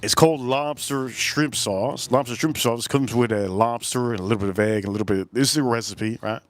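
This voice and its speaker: A man's voice: mid-range voice, a little fast. A man hosting a livestream, telling a story in a blunt, profane, rambling way with lots of repeats. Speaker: livestream host.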